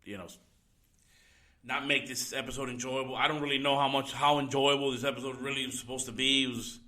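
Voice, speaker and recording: A man's voice: medium pitch, steady tone, brisk, pushed and bright. A man hosting a solo podcast from home, ranting in a heated, profane way. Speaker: podcast host. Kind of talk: solo opinion podcast rant.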